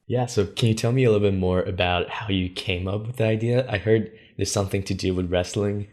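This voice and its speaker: A man hosting a podcast, reading a steady scripted intro and asking interview questions. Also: fairly low pitch, brisk. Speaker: podcast host.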